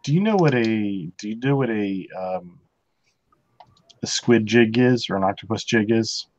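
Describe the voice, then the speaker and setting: A man's voice: on the low side, animated, normal speed, a little mellow. A man in casual chat, enthusiastic and blunt, swearing casually. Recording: dry, muffled lo-fi audio.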